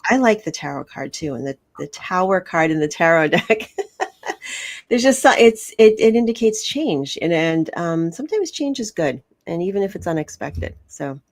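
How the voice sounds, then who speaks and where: Reader type: New woman, low-ish voice, gentle and meandering. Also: expressive, normal speed. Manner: gentle, rambling with fillers and restarts. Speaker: intuitive reader, co-host. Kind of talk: casual live-stream card reading.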